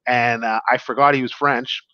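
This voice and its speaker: A man, a stand-up comedian, rambles through his stories in a casual interview, stumbling over fillers and restarts. His voice sits at an ordinary middle pitch. The sound is dry and a little dull. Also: fairly even intonation, normal speed, sharp tone, dry recording.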